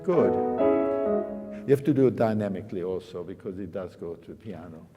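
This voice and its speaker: A man's voice: low-pitched, lively intonation, fast talker, lo-fi sound. A male piano teacher coaching a student in a master class, speaking emphatically and singing phrases on pa and da syllables. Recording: long reverb of a hall with loud piano. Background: piano playing.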